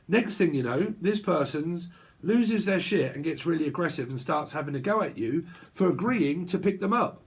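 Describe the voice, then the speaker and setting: A man's voice: fairly high pitch, expressive, moderate pace, husky. A man giving a casual tarot reading, ranting and swearing as he acts out both sides of an argument. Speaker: tarot reader.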